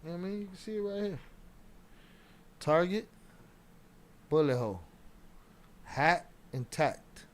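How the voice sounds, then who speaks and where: A man's voice: fairly high pitch, expressive, a little slow, pauses often. A man giving loose, slangy, profane commentary as a streamer. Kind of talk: casual commentary.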